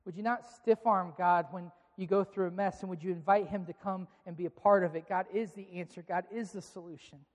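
A man's voice: high-pitched, fairly even intonation, brisk, hardly any pauses. A man preaching a sermon to a live congregation, playfully coaxing them to clap and repeat phrases back. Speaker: pastor. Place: large church auditorium with a live congregation. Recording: long reverb of a large hall.

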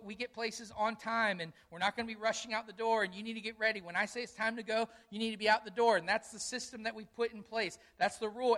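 A man's voice: high voice, a bit bright. A man preaching a sermon as a pastor, earnest and conversational, repeating key phrases for emphasis and telling stories from his own family life.

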